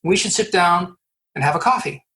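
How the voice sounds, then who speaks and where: A man from Canada, a recruiter guest on a podcast, telling animated stories with acted-out dialogue and frequent restarts. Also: high voice, moderate pace. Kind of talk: storytelling interview answers.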